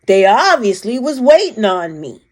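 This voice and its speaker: A woman telling a personal story in a casual, animated way, emphatic and rambling with restarts. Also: on the high side, normal speed, low-quality recording. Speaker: vlogger recounting a personal experience.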